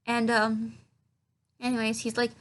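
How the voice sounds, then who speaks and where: A woman's voice: a little high, completely flat delivery, unhurried. A woman recapping a film in a casual, sarcastic way, swearing a lot and mocking the dialogue. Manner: sarcastic, profane, mocking movie dialogue in silly voices. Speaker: film reviewer.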